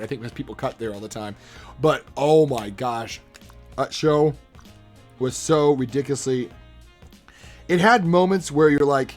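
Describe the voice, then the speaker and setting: A young man chatting casually on a live stream, animated, laughing often and slipping into quick impressions. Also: mid-range voice, soft background music.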